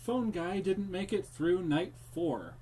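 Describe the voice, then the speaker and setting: Chatty man streaming a game, slightly high voice. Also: expressive, slow, dark tone, a little hiss or hum. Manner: chatty, talks to the viewers while playing, drifts into a jokey pirate-ish accent. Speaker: streamer playing a horror game. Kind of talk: casual live-stream commentary.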